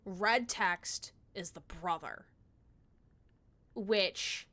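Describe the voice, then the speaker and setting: A woman streaming a puzzle game, chatting casually, gushing excitedly and swearing now and then. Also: mid-range voice, drawn-out words. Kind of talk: live-streamed gameplay chat.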